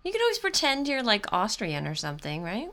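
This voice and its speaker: A woman's voice: medium pitch, huge pitch swings, a little fast, a bit bright. A woman co-hosting a podcast, chatting casually and making playful, self-deprecating jokes. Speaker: podcast co-host. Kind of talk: casual conversation.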